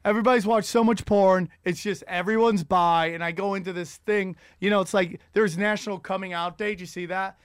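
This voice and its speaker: A man's voice: sits high, steady tone, a little fast, few pauses, smooth, no echo, clean studio sound. Profane, rambling man telling stories. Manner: profane, rambling, self-mocking storyteller. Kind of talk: casual chat.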